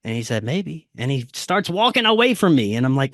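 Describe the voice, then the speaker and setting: A man, a podcast guest, telling a personal story casually, dropping to a quieter voice when he quotes what was said. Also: a little high, normal speed, no echo, clean studio sound. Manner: acts out quoted dialogue in a quieter voice; frequent fillers and restarts, animated retelling.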